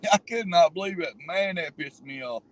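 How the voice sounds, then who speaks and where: A man's voice: high voice, moderate pace, rough recording. A man riding along in a car, telling a road story casually with plenty of cursing. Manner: profane, laughing storyteller. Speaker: passenger, former truck driver.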